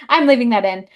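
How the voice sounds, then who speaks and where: A young woman co-hosting a casual book podcast, chatty and full of fillers. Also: fairly high pitch. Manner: chatty, lots of fillers, laughs easily. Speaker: podcast co-host.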